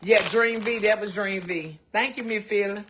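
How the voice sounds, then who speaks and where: A woman's voice: medium pitch, fairly even intonation, normal speed, a bit bright, a little hiss or hum. Chatty Southern woman cooking live. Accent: Southern American. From American South. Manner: folksy, talkative, calls viewers baby and child. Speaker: cooking livestream host. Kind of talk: casual cooking chat to live viewers.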